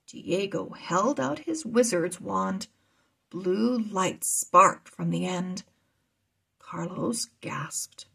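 A woman reading a children's chapter book aloud, with slow, deliberate storytelling. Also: mid-range voice, gravelly, pushed and bright, slightly rough.

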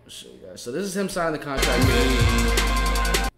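A man's voice: mid-range voice, expressive, unhurried, roomy sound, over loud music. A man reacting to a clip in casual commentary, talking straight to his viewers. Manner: chatty, talks straight to viewers. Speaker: reaction video host.

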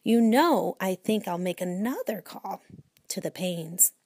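A woman reading aloud and voicing a gentle, patient schoolteacher in a children's storybook. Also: medium pitch, expressive, unhurried, husky, dry recording, studio quality. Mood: calm.

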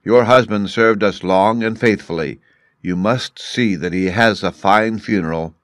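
A man's voice: lowish voice, unhurried, a bit bright, no room sound. A gracious royal sultana, voiced by a man in a storybook. She speaks in a stately way, and the recording is dry and close. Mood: kindly.

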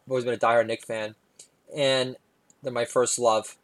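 A man, doing stand-up stories with wry asides. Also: little pitch movement. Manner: wry, quick asides, mimics his daughter in a higher voice. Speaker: stand-up comedian. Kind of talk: stand-up storytelling.

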